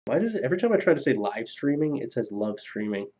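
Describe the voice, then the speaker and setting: A man's voice: mid-range voice, sing-song, fast talker, a little mellow. A man on a casual live stream reading viewer donations aloud, loose and profane, laughing at his own jokes. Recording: slightly dull lo-fi stream audio.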